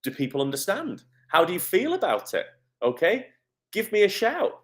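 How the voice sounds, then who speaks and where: A middle-aged man with a Northern English accent, an acting coach giving a live coaching talk, encouraging and energetic, answering viewer comments. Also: high-pitched, normal speed.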